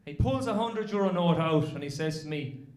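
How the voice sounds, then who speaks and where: A man's voice: on the high side, lively intonation, moderate pace, darkish tone. A man with an Irish accent doing stand-up, telling a family story with plenty of swearing. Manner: swearing, self-deprecating anecdotes. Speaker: stand-up comedian. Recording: echoey club room.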